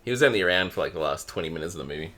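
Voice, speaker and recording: Deep gravelly guy on a podcast, tells stories, laughs a lot, voice jumps around. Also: animated, very fast, pushed and bright. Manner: chatty storyteller, laughs often. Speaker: podcast co-host. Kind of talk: casual chat.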